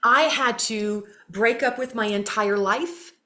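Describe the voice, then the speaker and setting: A woman, a talk show guest chatting casually, animated and swearing freely. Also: on the high side, slow. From Mississippi, US. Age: 50s. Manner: animated, swears freely, addresses listeners as y'all.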